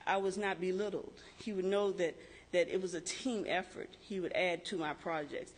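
A middle-aged woman giving a memorial tribute to a former coworker, telling animated stories and laughing through them. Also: lowish voice, big-room sound.

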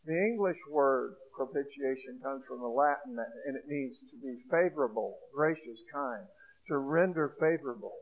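A man preaching a sermon, swinging between hushed storytelling and loud, emphatic points. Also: medium pitch, normal speed, phone-quality sound.

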